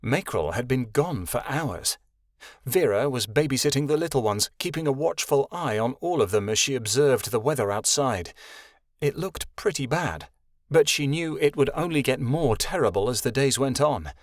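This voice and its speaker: A man narrating a young-adult fantasy audiobook in a steady storytelling manner, giving each character its own voice. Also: mid-range voice, moderate pace, dry recording, clean studio sound. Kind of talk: scripted narration.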